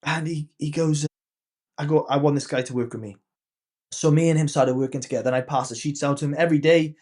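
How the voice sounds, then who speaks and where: A man's voice: on the high side, fairly even intonation, quick pace, a little mellow. A man in his thirties, a podcast guest and coach, casually telling a personal story and acting out the quoted dialogue.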